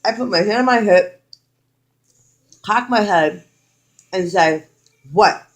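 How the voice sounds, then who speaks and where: A woman's voice: mid-range voice, slow pace. A young woman vlogger telling a personal story in casual storytime style, frank and full of swearing, acting out the quoted lines.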